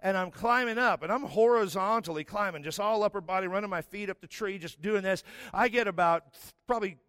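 High-pitched middle-aged pastor, storytelling sermon, self-mocking then emphatic, dry close sound. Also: male voice, fairly quick, fairly bright tone, clear, resonant tone, no echo. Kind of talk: sermon with personal stories.

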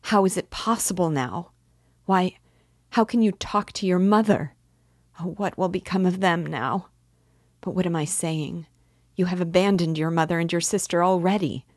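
A woman's voice: low voice, fairly even intonation, slow, no echo, clean studio sound. A woman voicing a devout young woman in a storybook reading, pleading fervently and urgently. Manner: fervent, imploring.

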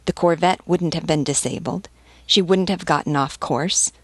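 A woman gives voice to an aging nobleman in a spoken novel. He is serene and commanding, pressing his point in a calm, measured way. The voice sits low and sounds close and dry. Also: slightly rough, no room sound. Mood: persuasive. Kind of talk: audiobook reading.

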